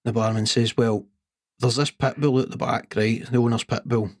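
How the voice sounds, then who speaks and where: A man, co-hosting a sports podcast and telling a long pub joke in an unhurried, deadpan way. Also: mid-range voice, no echo, studio quality. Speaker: podcast co-host.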